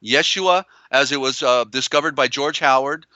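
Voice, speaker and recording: A man hosts a live broadcast with insistent, circling emphasis. He stumbles through restarts and fillers. His voice sounds bright and crisp, close and dry on a slightly dull, lo-fi line. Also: mid-range voice, normal speed, no echo. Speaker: host. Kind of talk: live call-in show, reading viewer comments.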